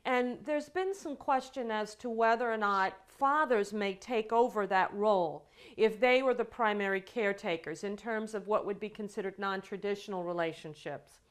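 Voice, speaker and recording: A woman lecturing a class on child development, telling examples with animated quoted dialogue. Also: medium pitch, clear, resonant tone. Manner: storytelling with acted quotes, animated delivery.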